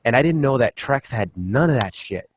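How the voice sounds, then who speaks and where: Animated man swearing in casual chat. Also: mid-range voice, normal speed, a little hiss or hum. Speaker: guest.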